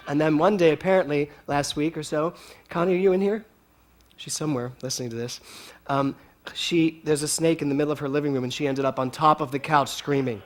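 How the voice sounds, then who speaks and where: A man giving a storytelling sermon to a congregation, animated and often laughing as he talks. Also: on the high side, brisk. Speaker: speaker at a spiritual center.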